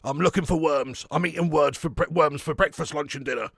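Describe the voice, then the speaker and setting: A man doing a comic impression of a gruff middle-aged male football manager, rambling and self-pitying with plenty of fillers. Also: fairly high pitch, fairly quick, a bit bright, dry recording, studio quality, heavily acted. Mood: grumbling. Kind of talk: comic impression in a match watch-along.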